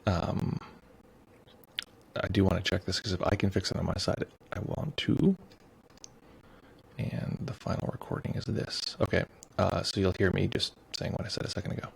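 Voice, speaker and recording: A man's voice: low voice, fairly even intonation, moderate pace, creaky, pauses often, husky, rough recording. A man hosting a meditation livestream in a casual, joking way, reading viewer comments aloud. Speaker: meditation teacher. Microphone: streaming mic with headphones.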